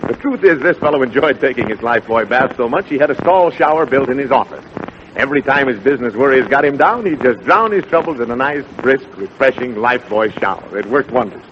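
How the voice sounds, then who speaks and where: A man working as a radio announcer and straight man in a 1940s comedy show, hearty and brisk, rushing through a tall tale and reading ad copy. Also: medium pitch, animated. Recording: muffled old radio broadcast with hiss.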